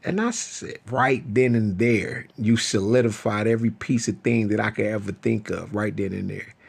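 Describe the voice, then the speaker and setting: Husky gravelly guy venting about his ex, emotional and pleading, going on and on. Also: lowish voice, steady tone, moderate pace. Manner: pleading, emotional, repetitive address to an ex. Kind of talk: emotional monologue to camera.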